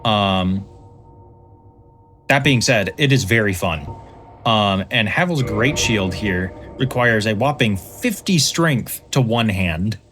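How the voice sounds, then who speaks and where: A man hosting a let's play, explaining game mechanics in a relaxed, casual way with dry humor. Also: lowish voice, slow pace, soft background music. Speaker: host, let's play commentator. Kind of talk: casual gameplay commentary.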